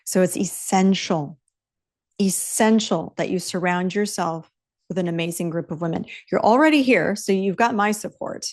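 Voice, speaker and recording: A woman's voice: fairly low pitch, moderate pace, a little mellow. A woman in her fifties hosting a solo podcast, talking emphatically and bluntly, swearing freely and repeating her key phrases for punch. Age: 50s. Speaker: podcast host. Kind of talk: solo motivational podcast talk.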